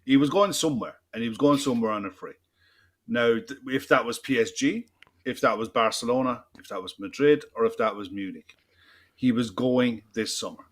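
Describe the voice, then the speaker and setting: A football podcast co-host talks bluntly and emphatically in casual chat, swearing freely. His voice is medium-pitched and fairly quick.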